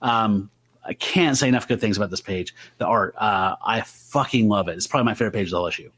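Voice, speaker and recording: A man's voice: fairly low pitch, fast talker, a bit bright. A man co-hosting a podcast, talking enthusiastically about comic art in a casual, rambling way with lots of fillers. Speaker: podcast co-host. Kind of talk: casual comic-book discussion.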